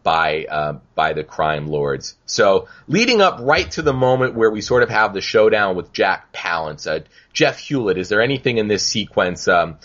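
A man's voice: on the low side, sing-song, moderate pace, few pauses, a bit bright, muffled recording. A man hosting a podcast, recapping a film in a laid-back way and laughing often. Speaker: podcast host. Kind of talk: casual film discussion.

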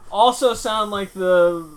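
A man's voice: sits high, slow. A man co-hosting, teasing and giggly. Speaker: co-host.

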